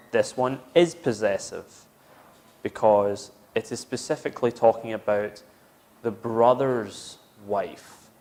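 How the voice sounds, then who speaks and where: Slow, patient male English teacher. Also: lowish voice, darkish tone. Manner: explains step by step, repeats each example sentence. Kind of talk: slow, patient grammar lesson.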